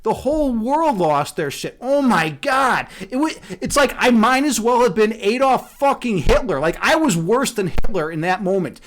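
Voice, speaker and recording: A man's voice: sits high, animated, moderate pace, few pauses, a bit bright. A man chatting casually on a livestream, rambling and profane, laughing often. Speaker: streamer.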